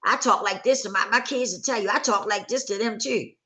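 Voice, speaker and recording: A woman's voice: mid-range voice, a little fast, bright, forceful tone. A woman hosting a live talk, giving an earnest motivational talk to her audience. She repeats her points for emphasis and keeps checking in with her listeners. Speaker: livestream host.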